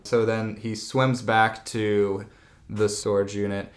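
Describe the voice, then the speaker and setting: A man's voice: lowish voice, flat delivery. Young man rambling through a story. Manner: rambling, lots of "like", slips into quick silly character voices. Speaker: co-host recapping a film. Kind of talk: casual chat.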